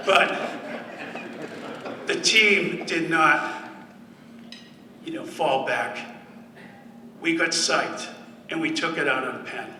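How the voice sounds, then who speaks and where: A man's voice: a little high, takes it slowly, long pauses, far from the mic, background noise. Man telling a story in an echoey hall. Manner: storytelling with dry humor. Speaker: former football player giving a speech. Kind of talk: speech to an audience.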